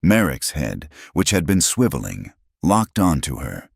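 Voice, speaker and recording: A man giving scripted, dramatic narration of a western story, measured and pausing phrase by phrase. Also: rumbling low, very animated, creaky, husky, no room sound, studio quality.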